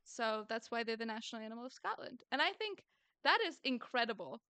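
Bright, crisp woman co-host. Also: on the high side, expressive, a little fast, no echo. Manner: playful, giggly, teasing. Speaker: podcast co-host. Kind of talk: casual chat.

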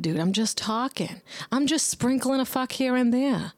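In a casual monologue, a young podcast host with a slightly high, animated, somewhat mellow voice rambles bluntly at a moderate pace. She swears a lot and talks back to herself by name, and there's no room sound.

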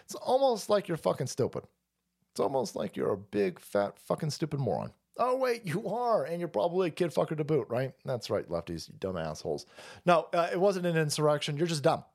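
A man's voice: a little high, huge pitch swings, brisk, darkish tone. A man hosting a ranting political commentary stream, profane and mocking, sometimes putting on whiny voices to mock opponents. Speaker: streamer host.

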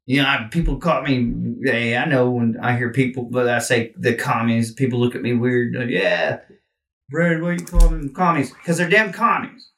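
A man's voice: medium pitch, moderate pace, hardly any pauses, a bit bright, far from the mic. A man ranting in a political commentary monologue, indignant and profane, hammering his points emphatically. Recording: echoey room, away from mic.

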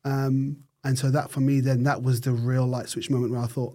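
A middle-aged man speaks as an interview guest, his voice warm and mellow at a middle pitch. He tells his story thoughtfully, often pausing and correcting himself mid-sentence as he searches for the right words. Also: level tone. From United Kingdom. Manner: thoughtful, with frequent restarts and self-corrections. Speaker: guest, neurosurgeon.

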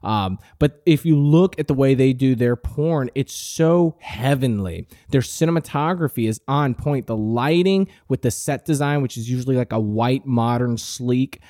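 A man's voice: medium pitch, moderate pace, few pauses, mellow, no echo, studio quality. A man in his late teens hosting a podcast, delivering a brash, profane, mock-arrogant comic rant. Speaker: podcast host. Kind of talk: comic ranting monologue.

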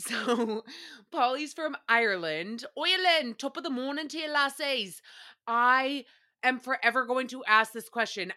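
A woman hosting a solo recap podcast, her voice bright and fairly high. She rambles in a chatty, animated way and swears freely. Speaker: podcast host.

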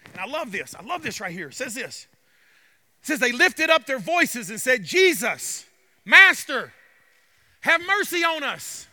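High bright-voiced preacher. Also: male voice, big pitch swings, unhurried. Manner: preaching, building to loud cries. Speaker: pastor. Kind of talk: sermon. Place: church sanctuary.

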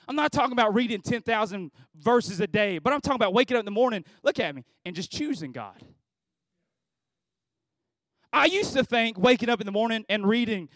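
A man's voice: high-pitched, fairly bright tone, no room sound. A man in his thirties giving a conversational sermon at a graduation service, asking the audience question after question and circling back on his phrases. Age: 30s. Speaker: pastor.

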